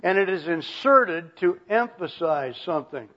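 Older man, sermon, folksy, chuckles, throat-clearing, slightly high voice, muffled lo-fi sound. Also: lively intonation, unhurried. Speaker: pastor. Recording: muffled lo-fi recording.

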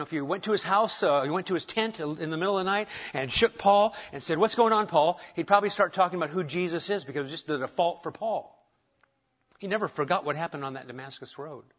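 Conversational preacher, slightly high voice. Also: male voice, a bit bright, lo-fi sound. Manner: conversational preaching with rhetorical questions and humor. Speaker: pastor. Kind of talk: sermon. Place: church sanctuary.

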